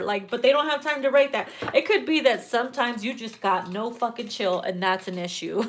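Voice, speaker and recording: This tarot reader, a young adult woman, keeps things casual, sassy and profane, frequently cracking up at her own jokes. She speaks at a moderate pace in a fairly high, slightly bright voice.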